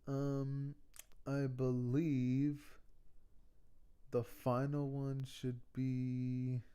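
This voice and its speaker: A man's voice: medium pitch, monotone, drawn-out words, mellow, clear, resonant tone. A man streaming live, chatting casually with viewers in a laid-back way and muttering to himself as he works. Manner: laid-back, mutters while working, addresses chat as bro and y'all.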